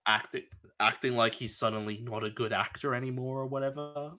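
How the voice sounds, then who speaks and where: An Australian man with a mid-range voice and a sharp tone co-hosts a podcast, talking fairly quickly. He rambles casually about films, restarting sentences and swearing along the way.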